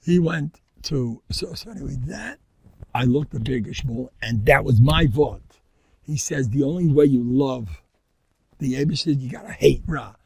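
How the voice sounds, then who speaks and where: A man's voice: medium pitch, animated, normal speed, gravelly, darkish tone, breathy edge, no room sound. An older man, giving an informal, rambling Torah talk as a rabbi, joking and dropping Yiddish and Hebrew words. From Far Rockaway, New York. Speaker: rabbi lecturer.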